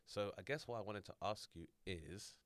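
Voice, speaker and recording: Smooth low host. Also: male voice, fairly bright tone, no echo. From South East London. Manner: measured, thoughtful questioning with fillers. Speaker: podcast host. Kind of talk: casual podcast chat.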